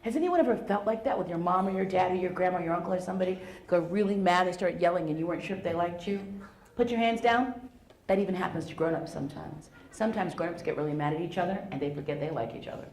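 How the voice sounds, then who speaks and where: A woman's voice: fairly low pitch, fast talker, darkish tone. A middle-aged woman storyteller speaking playfully and animatedly to an audience of schoolchildren in a school hall. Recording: roomy echo, faint hall noise.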